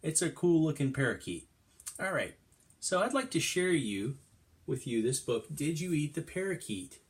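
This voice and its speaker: Animated teacher man reading to kids. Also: a little high, normal speed. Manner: animated, sing-song, exaggerated surprise. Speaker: kindergarten teacher. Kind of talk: storytime lesson for young children.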